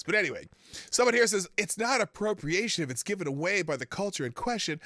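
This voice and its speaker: A male live-stream host talks casually and reacts to comments as he reads them aloud. His voice is bright and his pitch swings widely. The mic is close, with a dry room sound. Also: dry recording. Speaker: livestream show host.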